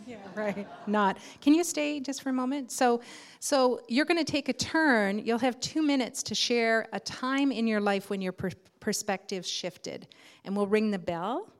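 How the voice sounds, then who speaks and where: A woman's voice: fairly high pitch, unhurried. Woman guiding a workshop group. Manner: friendly, encouraging, guiding. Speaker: workshop facilitator. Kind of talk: giving instructions to a group.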